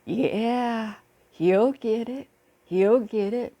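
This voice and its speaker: A woman voicing a kindly, magical old man who speaks calmly and reassuringly. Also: a little high, very slow. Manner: calm, reassuring.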